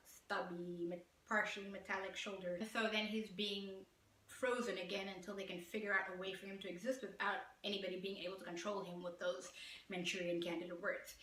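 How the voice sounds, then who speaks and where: Casting: woman from southern Africa, chatty frank reviewer, bright tone, echoey room. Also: medium pitch, recorded from a distance, a little hiss or hum. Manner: chatty, frank, with many "like" and "um" fillers. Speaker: film reviewer. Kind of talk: casual spoken film review.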